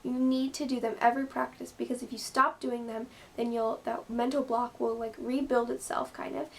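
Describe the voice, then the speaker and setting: A woman's voice: fairly high pitch, little pitch movement, moderate pace, slight background noise. A woman giving casual gymnastics advice in a chatty vlog style, full of "like" and "you know". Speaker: gymnast vlogger.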